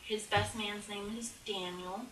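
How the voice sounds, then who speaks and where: A woman's voice: medium pitch, fairly even intonation, measured pace, a bit bright. A young woman chatting casually as a bride-to-be guest, laughing easily and trailing off. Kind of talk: casual chat. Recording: echoey room, away from the mic, faint background hum.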